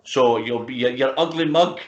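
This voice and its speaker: A man's voice: medium pitch, moderate pace. A man in his fifties hosting a music interview, chatty and full of stories. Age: 50s. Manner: chatty anecdotal storyteller, frequent restarts. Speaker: interviewer, music media host. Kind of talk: casual interview chat. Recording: roomy, dull lo-fi sound.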